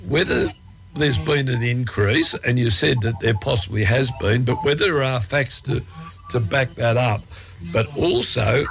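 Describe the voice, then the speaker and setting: A man's voice: mid-range voice, vocal fry, music in the background, poor audio. A man with an Australian accent hosting a radio show from a studio, chatting casually and often restarting his sentences. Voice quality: halting, many fillers and restarts. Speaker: radio host.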